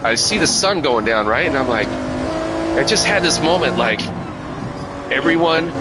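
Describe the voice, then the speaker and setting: A man's voice: mid-range voice, expressive, measured pace. A middle-aged man streaming a racing game, chatting casually and candidly, swearing freely and leaning on "man" and "right?". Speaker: live streamer. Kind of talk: casual chat while playing a racing game. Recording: loud car engine noise behind the voice. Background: racing game car sounds.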